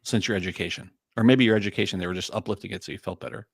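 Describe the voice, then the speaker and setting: A man's voice: fairly low pitch, very fast, gravelly, husky, dry recording, studio quality. A man co-hosting a casual podcast, chatty and enthusiastic, swearing and laughing freely. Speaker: podcast co-host.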